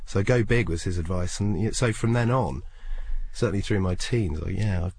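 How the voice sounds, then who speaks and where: A man's voice: deep voice, normal speed, husky. A man in his thirties, a comedian being interviewed, telling stories casually and acting out the voices of people he quotes. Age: 30s. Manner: lively storyteller, acts out voices in quotes.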